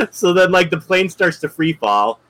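A man's voice: high-pitched, very animated, a little slow, a bit bright, rough recording. A man on a podcast, casually retelling a film's scenes and laughing often as he talks. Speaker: podcast co-host. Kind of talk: casual movie discussion.

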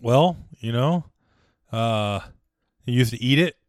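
Deadpan guy on a comedy podcast, smooth clear voice, dry wry one-liners. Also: medium pitch, takes it slowly, dry recording. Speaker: podcast co-host. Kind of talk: casual comedy podcast chat.

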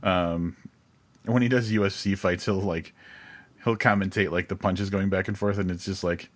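A man with a very deep voice chats loosely and jokingly. He swears casually and keeps the talk light and relaxed. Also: normal speed. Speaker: podcast co-host. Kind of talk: casual chat.

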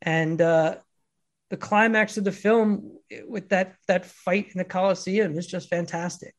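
A man co-hosting a casual film chat, telling stories in an animated way and laughing often. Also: sits high, a little slow. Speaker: podcast co-host.

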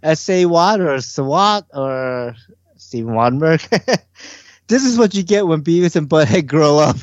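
A man's voice: on the high side, expressive, unhurried, no room sound, muffled recording. Laughing man reading listener comments. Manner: reads listener comments aloud, laughing often. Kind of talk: casual podcast chat.

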